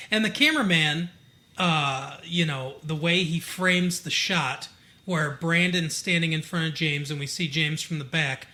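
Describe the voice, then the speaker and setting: Guy from michigan rambling through a tv recap, bright kinda high voice. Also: measured pace. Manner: chatty, digressive, many fillers. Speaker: podcast co-host. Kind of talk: casual chat recapping a TV episode.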